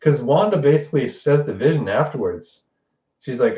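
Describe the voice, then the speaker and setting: Male podcast host, mid-pitched, rambling spoiler recap with curses, recorded off-mic in a roomy space. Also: far from the mic, lo-fi sound. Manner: excited, profane retelling with quick quoted lines.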